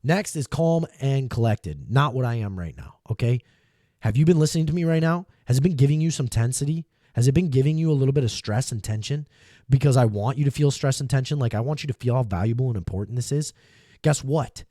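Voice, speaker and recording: A man giving energetic game coaching in an emphatic, repetitive way, often checking in with "okay?". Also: mid-range voice, brisk, no echo, studio quality.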